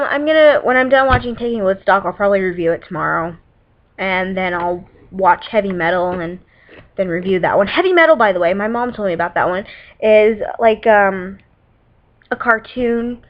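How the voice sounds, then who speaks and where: A teenage girl vlogging about movies, chatting casually and rambling with lots of "like" and "um" and giggly asides. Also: medium pitch. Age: teens. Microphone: webcam. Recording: dull lo-fi webcam audio.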